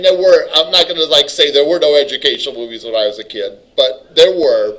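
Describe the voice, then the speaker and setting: A middle-aged male instructor giving a classroom lecture in a loose, chatty way. His voice is bright and forward, and he often breaks off mid-sentence to start again. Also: a little high, poor audio. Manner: rambling, casual, self-interrupting. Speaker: college instructor.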